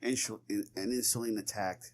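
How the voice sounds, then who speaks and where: A man's voice: fairly low pitch, fairly even intonation, brisk, a little hiss or hum. A man on a casual podcast, teasing his friends and laughing often. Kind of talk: casual chat.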